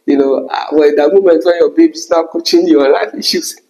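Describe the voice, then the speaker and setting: A young man telling an emotional personal story, animated and breaking into high exclamations. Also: fairly quick, a little hiss or hum, rough recording. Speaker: vlogger.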